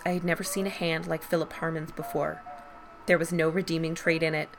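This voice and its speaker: A woman podcast host reading a Victorian ghost story aloud with measured storytelling. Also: lowish voice, a bit bright.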